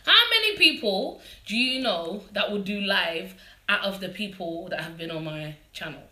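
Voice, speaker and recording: A woman's voice: medium pitch, lively intonation, normal speed, pushed and bright, reverberant. A woman with a London accent hosting a casual live interview, chatty and bubbly. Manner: chatty and bubbly, laughs often. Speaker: host. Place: living room.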